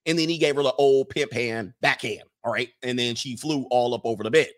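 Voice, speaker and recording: A man's voice: medium pitch, a little fast, fairly bright tone. A man giving casual, chatty commentary over film clips, repeating himself and dropping into character voices. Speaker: video commentator.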